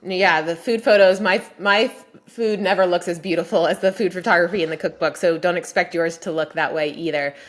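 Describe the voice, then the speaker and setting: Low-voiced woman, upbeat cookbook author. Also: fairly even intonation, a little fast, few pauses. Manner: enthusiastic, frequent "like" and "um" fillers. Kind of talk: casual podcast interview.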